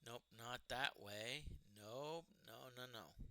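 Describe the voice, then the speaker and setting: A man's voice: mid-range voice, slow pace, creaky, pushed and bright, rough recording. A man casually commenting while streaming a retro role-playing game, chatting to the game and to his party members.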